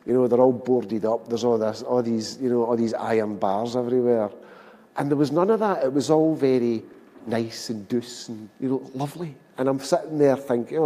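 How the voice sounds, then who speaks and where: A Glaswegian man in his fifties gives a wry, self-mocking storytelling speech to an audience. His voice is mellow and dark. It rings with the long reverb of a public hall. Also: medium pitch, a little fast. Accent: Glasgow. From Scotland. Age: 50s. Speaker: speaker at a public event.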